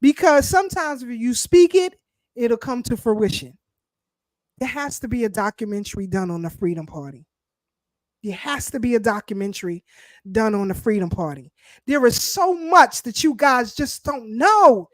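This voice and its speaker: A woman co-hosting a casual political talk show, speaking in an animated, emphatic way. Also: on the high side, normal speed, dry recording. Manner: animated, emphatic, speaks of herself as party founder. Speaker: show co-host.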